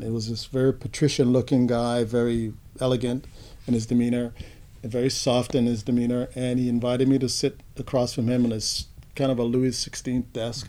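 Older guy reminiscing in an interview, warm mellow tone, easygoing and unhurried, lots of uhs. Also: mid-range voice. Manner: unhurried, reflective storytelling with frequent uh fillers. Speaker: interview guest, photographer. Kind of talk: relaxed storytelling interview.

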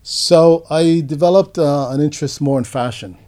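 An older man being interviewed, telling stories from his career in a relaxed, reflective way with frequent fillers. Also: a little high, moderate pace. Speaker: interview guest, photographer.

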